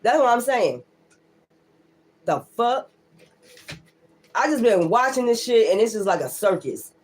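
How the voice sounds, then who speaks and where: A woman's voice: a little high, sing-song, measured pace, slight background noise. A woman tarot reader holding forth on a casual livestream, blunt and heavy with profanity. She talks with firm emphasis and circles back to the same defiant lines again and again. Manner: defiant, repeats her points.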